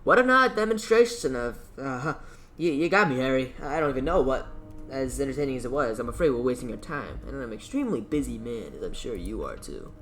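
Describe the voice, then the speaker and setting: A man voicing a scheming, smooth-talking male union boss in a game let's-play, speaking slowly and in a deliberately reassuring way. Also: medium pitch, animated, a bit bright. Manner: slow, oily, deliberately reassuring.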